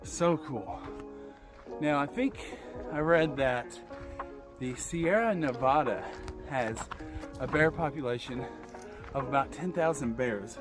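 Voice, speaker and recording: A man's voice: medium pitch, animated, takes it slowly, long pauses, over music. A man from Appalachia chatting casually to the camera as he hikes a mountain trail outdoors, upbeat and at times winded on the climb. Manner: chatty, upbeat, talks to camera while hiking. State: out of breath on the climb. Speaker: hiking vlogger.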